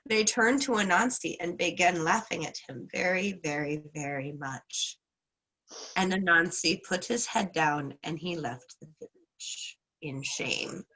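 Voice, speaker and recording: A woman's voice: lowish voice, bright, forceful tone, rough recording. A woman teaching a casual class, retelling a folk tale in a chatty, playful way with frequent hedges. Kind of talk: casual lesson with folk storytelling.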